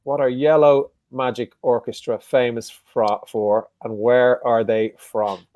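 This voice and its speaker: Male quiz host, joking and unhurried, in a dry close sound. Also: medium pitch, steady tone, mellow, dry recording. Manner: jokey, repeats each question slowly. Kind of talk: casual live quiz hosting.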